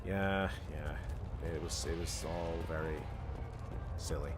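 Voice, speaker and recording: A man's voice: rumbling low, steady tone, slow pace, over music. A Scottish man streaming a game, chatting casually in a rambling way with laughing asides and the odd swear. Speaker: gaming streamer. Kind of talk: casual live-stream chat.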